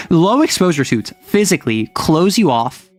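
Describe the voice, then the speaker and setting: A man's voice: a little high, very animated, a little slow, no echo, soft background music. A man streaming as a game master, casually and animatedly retelling a tabletop game session in a rambling way.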